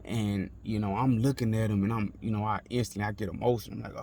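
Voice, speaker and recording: A man's voice: lowish voice, little pitch movement, quick pace, hardly any pauses, warm tone, a little hiss or hum. A man, telling a personal story in casual street talk, repeating himself with many fillers and restarts. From Texas. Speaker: author telling his life story.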